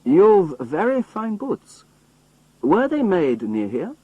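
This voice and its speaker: A man voicing a suspicious agent asking probing questions, with a husky voice. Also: high-pitched, huge pitch swings, slow pace, mellow, dry recording, dull audio, pitched above the performer's own voice, full character voice.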